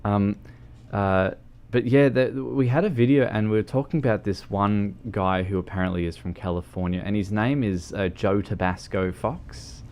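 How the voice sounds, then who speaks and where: Low-voiced rambling male streamer. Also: moderate pace, darkish tone. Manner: rambling, hesitant, full of ums. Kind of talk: casual livestream chat while gaming.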